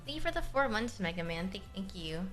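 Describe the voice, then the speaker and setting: A woman's voice: medium pitch, sing-song, fairly quick, fairly bright tone, faint music behind. A young woman livestreaming in a casual, chatty way, answering her chat and cooing at her cat.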